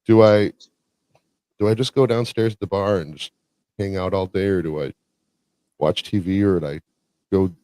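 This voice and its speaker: A man co-hosting a casual stream chat, laid-back and rambling as he thinks out loud. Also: low voice, steady tone, normal speed, pauses often, smooth, no echo. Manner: laid-back, rambling, weighs options aloud. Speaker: podcast co-host.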